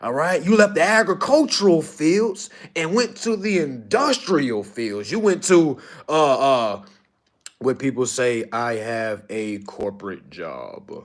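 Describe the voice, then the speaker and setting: Blunt, animated man with a lively voice. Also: medium pitch, slow. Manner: blunt, profane, animated, repeats "all right?". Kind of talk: casual motivational monologue.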